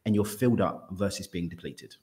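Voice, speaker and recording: Low-voiced man musing on nature. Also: brisk. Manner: reflective, expansive, stumbles over words when excited. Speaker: podcast guest. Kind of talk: casual conversational interview.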